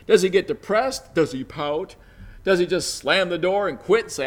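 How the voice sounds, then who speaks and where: A man delivers a sermon in a relaxed, conversational manner, sprinkling in "you know" before swelling into emphatic, energetic passages. His voice sits a bit high for a man and swings widely in pitch. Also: normal speed. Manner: conversational preaching with frequent "you know", rising to emphatic bursts. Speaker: preacher.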